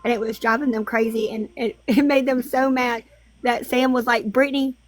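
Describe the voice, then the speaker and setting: A woman's voice: a little high, fairly even intonation, normal speed. A woman in a casual livestream chat, joking, swearing freely and laughing often.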